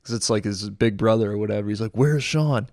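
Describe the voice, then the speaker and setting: A man and military veteran, telling war stories in an animated, slangy way with frequent laughter. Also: fairly low pitch, racing, vocal fry, no echo, studio quality. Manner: animated storyteller, slang like "dude", laughs a lot. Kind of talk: casual podcast storytelling.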